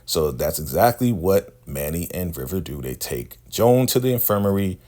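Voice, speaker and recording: A man casually recapping a TV episode in a slangy, animated way, often checking in with "right?". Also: deep voice, moderate pace. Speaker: show recap host.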